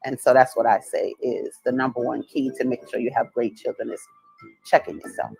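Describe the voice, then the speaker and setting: A woman's voice: extremely low pitch, a little fast, vocal fry, a little mellow, soft background music, rough recording. A woman, an author, speaks earnestly and instructively in a played video clip.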